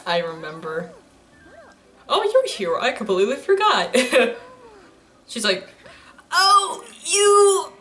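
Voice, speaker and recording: Young woman, bright voice, animated, giggly chatty reaction commentary. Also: medium pitch, slow pace, pauses often. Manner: giggly, rambling, laughs often and jokes at the screen. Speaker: anime reaction YouTuber.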